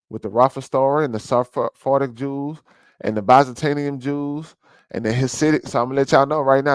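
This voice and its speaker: A man's voice: medium pitch, dry recording, rough recording. A man hosting a vlog, ranting and preaching over a clip and calling his listeners family. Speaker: vlog host. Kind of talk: ranting commentary over a played video.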